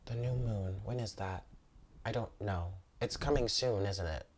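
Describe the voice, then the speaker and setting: A lowish male voice with an American accent talks straight to viewers through a tarot reading. He is blunt and swears freely, breaking into exclamations as the cards turn. A faint hiss sits under the recording. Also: a little slow. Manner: blunt and cursing, laughing and exclaiming often. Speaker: tarot reader.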